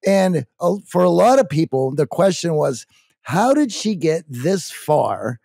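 A man co-hosting a podcast talks in loose, rambling sentences filled with "uh." His voice sits higher than most men's and has a gravelly fry. The sound is close and dry. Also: big pitch swings, measured pace, dark tone, no room sound. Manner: rambling, filler-heavy phrasing. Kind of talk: interview conversation.

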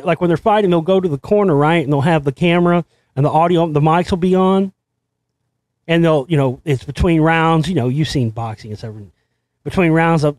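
A man hosting his own show, delivering a rambling, excitable monologue full of restarts and swearing. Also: high voice, no room sound. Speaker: show host. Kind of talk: conspiracy commentary monologue.

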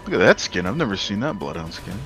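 A man's voice: sits low, very animated, fast talker, a bit bright, faint music behind. A man chatting while gaming with friends, making dry, sarcastic jokes. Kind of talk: casual gaming chat with friends.

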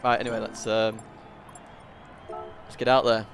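A man's voice: lowish voice, monotone, measured pace, a bit bright, faint music behind. A man with a Northern English accent chatting casually on a live stream as he races, joking and greeting viewers by name. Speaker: sim racing streamer. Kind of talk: casual live-stream chat while racing.

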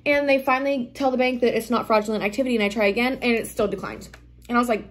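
A young woman with a slightly high voice recounts a stressful night to camera. She talks quickly and dramatically, jumping into the voices of everyone involved as she goes. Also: steady tone. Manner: dramatic, fast retelling full of quoted exclamations. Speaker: vlogger. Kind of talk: casual storytime vlog.

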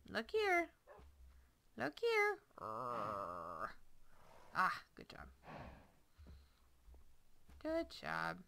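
Woman host, bright edgy voice with a gravelly fry, swooping wildly in pitch, casual playful game commentary. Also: wildly swooping pitch, very slow, long pauses. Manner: chatty, coaxing and scolding the game's animals playfully. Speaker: let's play host.

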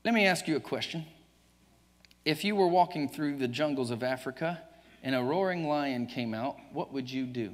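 A pastor with a Southern US accent preaches in the church sanctuary, emphatic and joking with his congregation and chuckling often. His voice is mid-range and animated at a moderate pace. The church livestream has long reverb.

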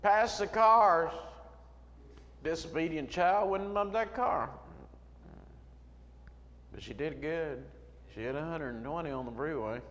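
Pastor preaching in an echoing church. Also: male voice, on the high side, expressive, measured pace, long pauses, highs cut off. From United States. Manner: swings from quiet storytelling to loud shouting. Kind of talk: sermon. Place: church sanctuary. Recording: long hall reverb, faint room noise.

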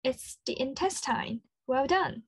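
A woman with an Australian accent leading an interactive children's lesson, slow and encouraging, full of praise. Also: sits high, lively intonation, gravelly, husky, dry recording. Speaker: children's speech clinic presenter.

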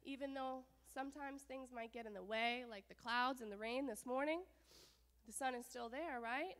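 A woman telling a children's story during a church service, lively and often asking the children questions. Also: high-pitched, moderate pace. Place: church sanctuary. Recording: long church reverb.

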